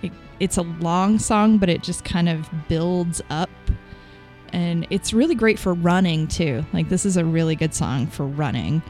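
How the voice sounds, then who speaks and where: A woman in her thirties co-hosting a casual chat, relaxed and rambling, laughing often. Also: fairly low pitch, unhurried, soft background music. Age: 30s. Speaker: podcast co-host.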